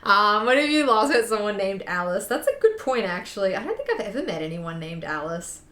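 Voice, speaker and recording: A woman's voice: medium pitch, sing-song, fairly quick, fairly bright tone. Chatty young woman in an echoey room. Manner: rambling, chatty, with fillers and repeats. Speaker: streamer chatting with viewers. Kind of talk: casual chat.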